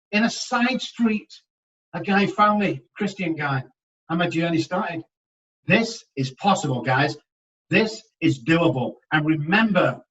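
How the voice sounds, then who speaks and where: A man in his sixties, a recovery expert guest on a podcast, telling his story candidly and emphatically, moving from hushed to loud. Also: sits high. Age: 60s. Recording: dull, distant podcast audio.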